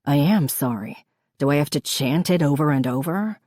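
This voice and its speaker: A gentle, apologetic husband, as a woman narrator puts him on, speaking softly with a touch of quiet amusement. His tone sits low and dark. The recording is close and dry, with no room sound. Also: lively intonation, moderate pace, no room sound.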